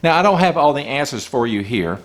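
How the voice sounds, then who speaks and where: Man, mid pitch, business coaching talk, emphatic, rhetorical questions. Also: animated, fairly quick. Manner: emphatic, rhetorical questions, speaks from customer's view.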